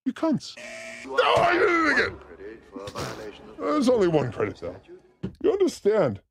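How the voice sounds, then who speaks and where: A man playing a boastful, crude demon character, ranting manically on a live comedy stream with frequent shouted outbursts. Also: sits high, huge pitch swings, normal speed, heavily acted. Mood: manic.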